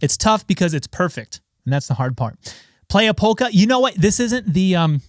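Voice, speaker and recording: A man, a bassist chatting casually on a live stream, a little out of breath and greeting viewers by name. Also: big pitch swings, moderate pace, no echo, studio quality. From Los Angeles. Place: home studio. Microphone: studio microphone.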